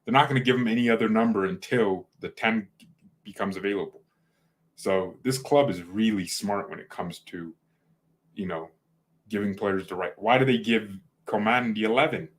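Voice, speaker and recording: Low-voiced rambling fan-channel host man. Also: moderate pace. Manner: rambling, self-correcting, jokey. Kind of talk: casual livestream chat.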